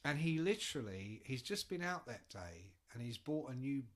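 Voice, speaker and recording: A man's voice: mid-range voice, moderate pace. A man, co-hosting and telling rowdy stories in casual chat, swearing freely. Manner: animated, swearing, acts out the voices. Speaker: podcast co-host.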